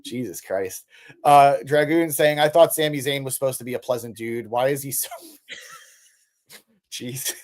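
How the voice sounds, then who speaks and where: A man's voice: mid-range voice, a little slow, long pauses. A man co-hosting a casual live stream, reading viewer comments aloud and answering them with joking swears. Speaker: podcast co-host reading live chat.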